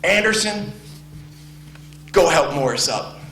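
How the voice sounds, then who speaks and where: A man impersonating a gruff, exasperated old male football coach who barks his words. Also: on the high side, animated, slow, voice pushed up, full character voice. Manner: barking, exasperated yelling. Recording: echoey room with faint hum.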